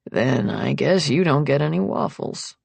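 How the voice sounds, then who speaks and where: A woman voicing a calm, wry adult male doctor in a lowered voice, in a read-aloud audiobook. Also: moderate pace, creaky, breathy edge, no room sound, exaggerated voice.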